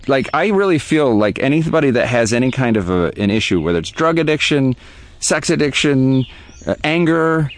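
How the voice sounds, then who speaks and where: A man's voice: medium pitch, poor audio. Man, interview guest, earnest, reflective, mid-range voice, faint background noise. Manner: earnest, animated when making a point. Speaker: guest artist.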